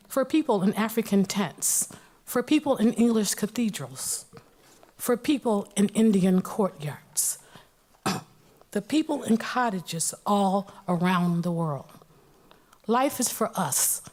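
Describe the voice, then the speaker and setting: Earnest woman speaking slowly and steadily. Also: medium pitch, animated, a little mellow. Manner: earnest, measured, clears throat now and then. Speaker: illustrator and poetry reader. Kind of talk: poetry recitation and personal remarks.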